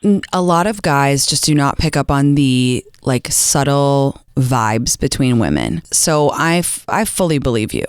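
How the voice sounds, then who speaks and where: A woman's voice: extremely low pitch, very animated, a little slow, hardly any pauses, smooth, no room sound, clean studio sound. A woman hosting a call-in advice show, talking frankly and casually with lots of "like" and some swearing. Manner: chatty, frank, says "like" a lot, swearing.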